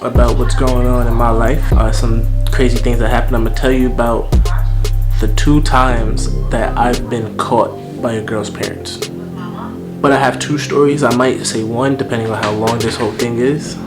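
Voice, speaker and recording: A man's voice: medium pitch, fairly even intonation, moderate pace. A young man casually telling a personal story at home for a vlog, slangy and profane. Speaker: vlogger. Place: at home indoors. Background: music playing.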